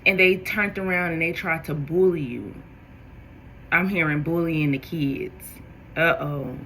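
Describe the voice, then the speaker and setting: Bright-voiced woman giving a tarot reading. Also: low-pitched, unhurried, slight background noise, rough recording. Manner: animated, talks straight to viewers. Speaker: tarot reader. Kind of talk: spiritual tarot reading to viewers.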